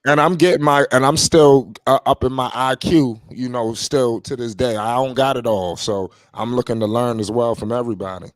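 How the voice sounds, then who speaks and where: A man's voice: mid-range voice, fairly even intonation, moderate pace, few pauses, no echo, studio quality. A man hosting a casual chat in a laid-back way, leaning on "you know".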